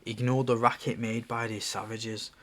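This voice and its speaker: A man reading the part of a stern Roman governor aloud from a screenplay, in a quiet, measured and threatening way. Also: mid-range voice, flat delivery, close to an everyday voice. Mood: commanding. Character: stern male Roman governor, menacing and cold.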